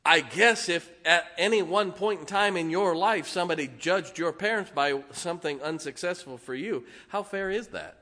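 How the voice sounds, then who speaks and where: A man's voice: high voice, moderate pace, hardly any pauses, sharp tone. A man preaching a sermon in a folksy, joking and emphatic way.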